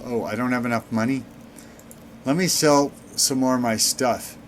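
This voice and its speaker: A man giving sarcastic, deadpan commentary while playing a video game. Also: mid-range voice, moderate pace, slight background noise. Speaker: let's play gamer. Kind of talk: gameplay commentary.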